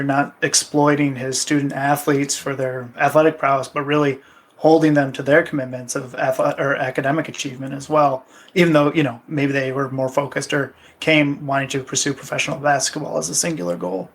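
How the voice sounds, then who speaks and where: Thoughtful mid-pitched male podcast co-host. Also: steady tone, brisk. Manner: agreeable, thoughtful, many affirmations. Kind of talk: casual podcast discussion.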